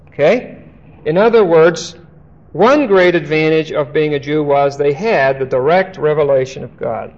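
A man's voice: fairly high pitch, normal speed, darkish tone. Older male Bible teacher, muffled recording. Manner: conversational, frequent "okay?" check-ins, storytelling asides. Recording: dull lo-fi recording.

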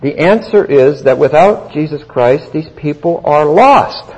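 A man teaching the Bible verse by verse in a deliberate, emphatic way. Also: on the high side, expressive, a little mellow, husky. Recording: long hall reverb.

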